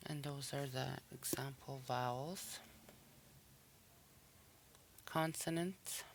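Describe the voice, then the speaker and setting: A language teacher giving a recorded pronunciation lesson, saying each example word slowly and then repeating it with care. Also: mid-range voice, a little hiss or hum.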